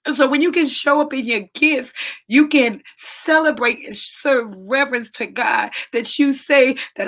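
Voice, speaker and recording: A woman with a high, fairly bright voice hosts a live inspirational talk as a soul coach, speaking unhurriedly. She is preachy and emotional, repeating phrases for emphasis and close to tears.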